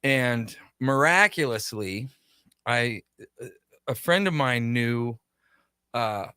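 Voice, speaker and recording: A man on a radio show telling anecdotes and acting out the back-and-forth of old conversations. His voice is bright and forward. The sound is close and dry, like a studio mic. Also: mid-range voice, slow, clear, resonant tone, no room sound. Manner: animated anecdotes with quoted dialogue. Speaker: shop owner guest. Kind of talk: casual radio interview storytelling.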